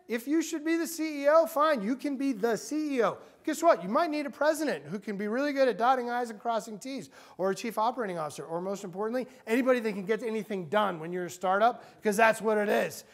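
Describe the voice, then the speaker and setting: A middle-aged man giving an energetic motivational talk to a university group, acting out quotes as he goes. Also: high voice, a little fast. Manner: energetic, animated, acts out quotes. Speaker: guest speaker. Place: university meeting room.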